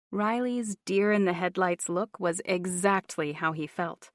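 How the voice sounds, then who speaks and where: A woman narrating a romance audiobook in a steady, even storytelling manner. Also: on the low side, unhurried, hardly any pauses, no echo, clean studio sound. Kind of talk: scripted narration.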